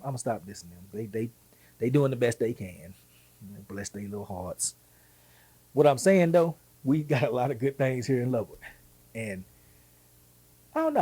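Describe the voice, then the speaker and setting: A middle-aged Texan man hosting a show, talking in an animated, folksy monologue with quick asides and a husky voice. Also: mid-range voice. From Texas. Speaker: show host. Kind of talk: casual monologue.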